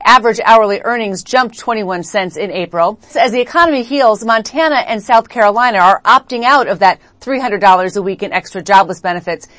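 Woman, news correspondent, mid pitch, measured, dry close recording. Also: no room sound. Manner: steady, measured reporting. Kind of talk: scripted news report.

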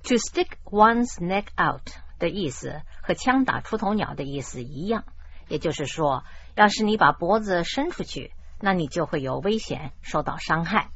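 A woman hosting a radio language lesson who explains idioms in a measured, explanatory way. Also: fairly low pitch, animated. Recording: dull lo-fi radio broadcast.

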